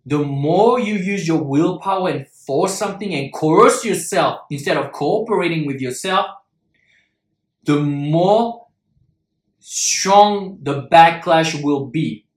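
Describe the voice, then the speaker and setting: A man's voice: a little high, slow. Earnest man coaching in an echoey room. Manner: earnest, repeats key words for emphasis. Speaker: self-help speaker. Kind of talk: motivational talk to viewers.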